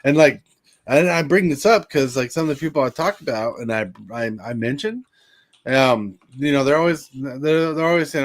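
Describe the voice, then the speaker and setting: A man's voice: medium pitch, normal speed. A man hosting a casual chat show, rambling with lots of fillers and frequent laughter. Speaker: podcast host.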